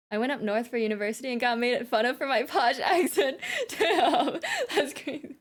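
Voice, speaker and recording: A woman's voice: sits high, moderate pace, few pauses, a little hiss or hum. A woman with an American accent chatting casually and giggling as she plays through a story game on stream.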